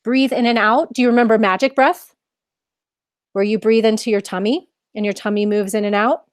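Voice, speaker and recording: A woman's voice: on the high side, fairly even intonation, a little fast, no echo, clean studio sound. A woman leading a live online mindfulness lesson for children, encouraging them and asking many questions. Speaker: mindfulness teacher.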